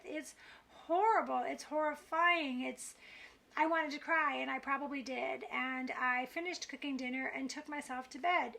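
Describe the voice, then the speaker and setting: A woman's voice: high voice, steady tone, normal speed, vocal fry, pushed and bright. A middle-aged woman talking candidly to camera in a confessional vlog, frustrated and self-critical as she rambles. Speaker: vlogger.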